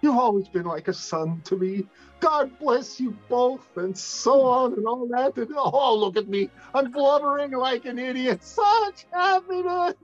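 A man's voice: extremely high pitch, expressive, unhurried, soft background music, full character voice. A man plays a gushing old landowner father whose voice swoops widely up and down. He rambles and keeps tacking on filler phrases, heard through a slightly muffled home microphone. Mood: overjoyed. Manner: rambling, tacks on "and so on". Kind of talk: amateur stage acting over video.

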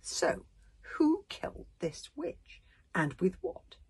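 A woman's voice: mid-range voice, big pitch swings, takes it slowly, darkish tone, breathy edge, in a whisper, exaggerated voice. A woman voicing a stern, imperious warrior queen in a children's story, speaking in grim, commanding proclamations.

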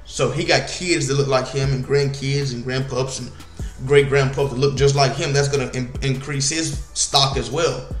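A man casually commenting while playing a video game, slangy and animated, with sudden loud outbursts. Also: mid-range voice, moderate pace, roomy sound, soft background music. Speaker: gaming YouTuber.

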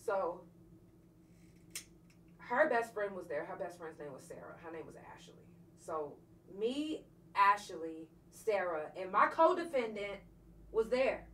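A woman's voice: mid-range voice, animated, measured pace, sharp tone, recorded from a distance. A woman hosting her own podcast tells a hard personal story with blunt, profane candor. She sounds set back from the mic in an echoing room, with a faint hiss of noise behind her. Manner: blunt, profane, emotionally charged retelling. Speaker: podcast host. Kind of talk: candid personal storytelling on a livestream.

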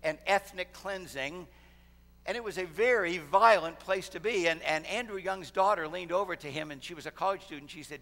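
A man's voice: a little high, fairly quick, bright, forceful tone, slight background noise. A middle-aged man preaching a sermon as pastor, telling a story and building to a fervent close. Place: church sanctuary. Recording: long hall reverb in a church sanctuary.

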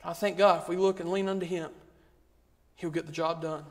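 Male preacher, high voice, rhythmic repeated refrains, long church reverb. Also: little pitch movement, a little fast. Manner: rhythmic, repetitive preaching with rising emphasis. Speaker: guest preacher. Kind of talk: sermon. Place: church sanctuary.

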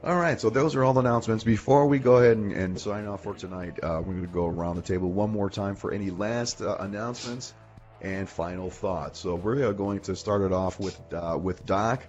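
A man's voice: fairly low pitch, fairly quick, a little mellow, highs cut off, soft background music. A man hosting a casual veterans' radio roundtable, laid-back and a little stumbling as he hands over to each guest. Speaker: host.

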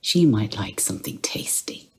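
An audiobook reader with an Irish accent reads literary prose aloud at an unhurried pace, dropping into a hushed whisper for the character's thoughts.

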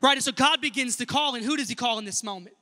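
Very high, bright-voiced male pastor preaching. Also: fast, in a large hall. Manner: earnest preaching, addresses the congregation directly. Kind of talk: sermon. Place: church sanctuary.

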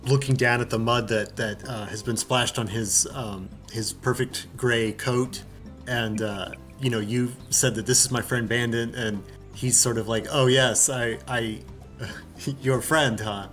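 Man, game master, narrating tabletop game, halting, searching for words, faint music behind. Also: mid-range voice, fairly even intonation, fairly bright tone.

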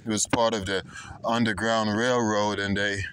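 A man's voice: fairly low pitch, flat delivery, moderate pace, a bit bright, slight background noise. A middle-aged man from Jamaica with a Jamaican-American accent, chatting casually and rambling while cycling through a park, greeting passersby. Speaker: vlogger. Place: outdoors in a park on a bicycle.

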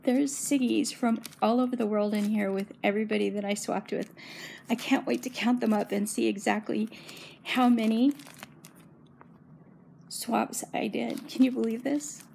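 A woman's voice: fairly high pitch, fairly even intonation, normal speed, vocal fry, a little mellow, slight background noise. A woman in her fifties chatting casually as a quilting vlogger, gushing and emotional, close to tears as she shows her quilts. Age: 50s. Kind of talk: casual show-and-tell chat.

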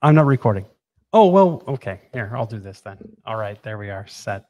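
A man casually explaining a technical process over drawings, animated and playful, often repeating words. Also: fairly low pitch, normal speed, lo-fi sound. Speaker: presenter explaining equipment.

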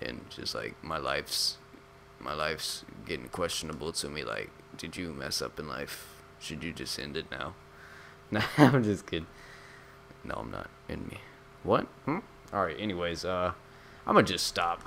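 Deep-voiced young man rambling over gameplay. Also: expressive, normal speed, gravelly, fairly bright tone, slight background noise. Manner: rambling, joking, slangy. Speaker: gaming YouTuber. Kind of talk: casual gameplay commentary.

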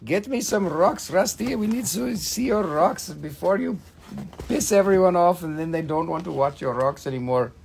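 A man's voice: fairly high pitch, normal speed, creaky, a little mellow, slight background noise. A man casually hosting a live mineral sales stream, swearing and joking as he rambles. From Appalachian Valley, USA.

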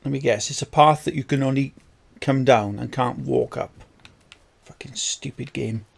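A man's voice: medium pitch, fairly even intonation, moderate pace, gravelly. A man narrating his own gameplay, swearing constantly and getting frustrated at the game. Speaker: gaming video creator. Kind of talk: let's play commentary.

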